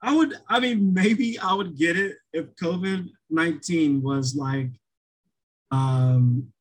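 A man's voice: fairly high pitch, takes it slowly, breathy edge, rough recording. A man co-hosting a podcast in casual chat, rambling with many restarts and fillers.

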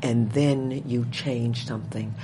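A woman guest telling stories in conversation, profane and animated, dropping to low murmurs and rising to loud exclaims. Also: slow pace, noisy background. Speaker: interview guest. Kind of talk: storytelling in conversation.

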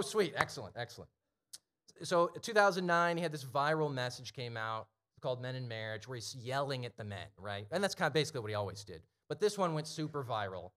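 A man in his thirties gives a sermon in an easy, talking-to-the-room way, checking in with his listeners. He leans hard on key lines, slowing down and pressing each word when he drives a point home. His voice sits at an ordinary middle pitch. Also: a bit bright. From Ohio. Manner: conversational preaching that swells to emphatic, slowed declarations. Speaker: pastor.

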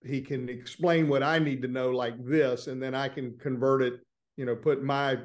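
A man with a Southern accent from Florida speaks in a relaxed, plain-spoken way. He tells stories about his courtroom work like a guest in an informal interview, at an ordinary middle pitch. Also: normal speed. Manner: easygoing, plain-spoken storytelling. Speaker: trial lawyer guest. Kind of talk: casual interview.

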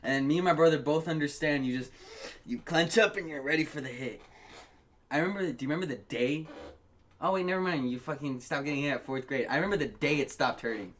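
A man's voice: a little high, fast talker. A young man co-hosting a podcast in casual chat, telling stories animatedly and swearing freely. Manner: animated storytelling, frequent swearing. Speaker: podcast co-host.

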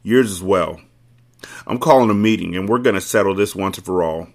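A calm, wounded crime-family head in a storybook reading, steady and resolute voiced by a man. The voice is low and even, with no strain. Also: a little fast.

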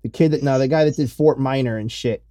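A man's voice: mid-range voice, quick pace, dark tone, no echo, clean studio sound. A man co-hosting a wrestling podcast, chatting casually in a rambling, profane way and laughing easily. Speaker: podcast co-host. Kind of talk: casual chat.

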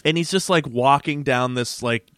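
A man's voice: medium pitch, normal speed, clean tone, no echo, clean studio sound. A man co-hosting a podcast, casually recapping a TV episode and acting out the characters' lines. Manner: animated retelling, acts out quotes in character voices. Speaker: podcast co-host.

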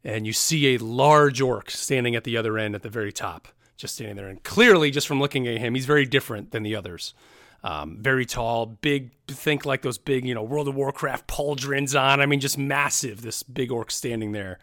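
A man's voice: medium pitch, moderate pace, a bit bright, no echo, clean studio sound. A young man narrating a tabletop game as dungeon master, casual and rambling with many fillers.

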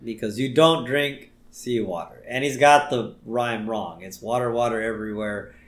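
A man's voice: medium pitch, normal speed. A man co-hosting a podcast, chatting casually about a cartoon episode and laughing easily. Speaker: podcast co-host.

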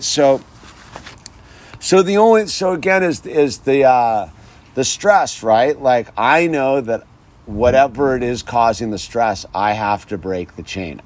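Standing outdoors in his yard, a vlogger delivers a casual, rambling monologue about sobriety and faith, saying "dude" constantly. His voice is mid-range, with a little hiss or hum on the recording.

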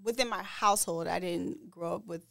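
Woman co-host, measured and reflective, dry close sound. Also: on the low side, vocal fry, dry recording. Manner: thoughtful, measured, hesitant restarts. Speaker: podcast co-host. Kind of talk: casual chat.

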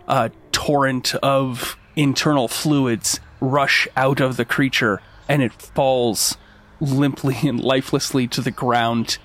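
Slow-paced man narrating a game. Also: medium pitch, fairly bright tone. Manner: vivid, descriptive narration. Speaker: game master.

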